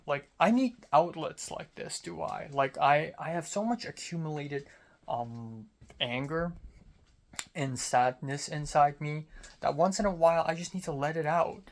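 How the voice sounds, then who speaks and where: A man's voice: on the high side, unhurried, gravelly. A young man from Hong Kong, rambling candidly through a casual diary-style vlog, full of fillers and self-deprecating asides. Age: young adult. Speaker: vlogger. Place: outdoors on a college campus.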